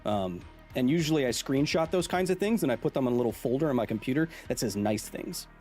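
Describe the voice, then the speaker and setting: A man's voice: medium pitch, expressive, fast talker, warm tone, faint music behind. A man in his thirties hosting a live stream, chatting casually and jokingly and reading out viewer comments. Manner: playful, joking, reads chat aloud. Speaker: host.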